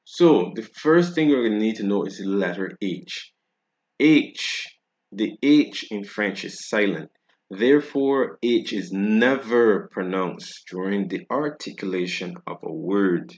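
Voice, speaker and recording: A man's voice: lowish voice, measured pace, darkish tone, dull audio. A man with a Barbadian accent, teaching a French pronunciation lesson in a casual, patient way and often checking in with tag questions.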